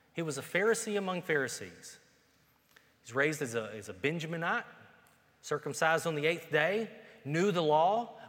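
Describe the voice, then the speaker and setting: A man preaching a sermon, moving from plain conversational talk to loud, emphatic peaks. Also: a little high. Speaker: pastor. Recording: long reverb of a hall.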